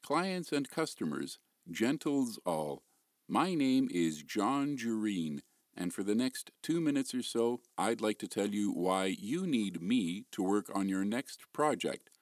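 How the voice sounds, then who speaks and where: A man voice actor delivering a polished voiceover demo pitch that showcases his range of voices and accents, recorded close on a studio mic. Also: sing-song, slow, no room sound.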